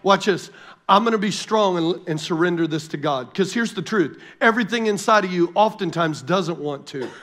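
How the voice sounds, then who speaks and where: Man, pastor, sermon, high-pitched voice, animated, call-and-response, quiet prayer passages. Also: normal speed. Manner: animated, calls for audience response; jokey asides, then quiet prayerful passages.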